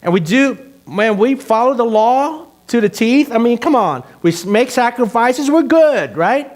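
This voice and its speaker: A man mocking self-satisfied religious teachers of the law, boasting in a raised, loud voice. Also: very high voice, lively intonation, measured pace, pitched above the performer's own voice. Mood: smug.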